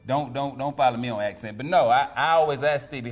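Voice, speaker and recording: A man's voice: mid-range voice, fast. A middle-aged man, a stand-up comedian, chatting casually as a guest and laughing through his stories. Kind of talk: casual interview chat.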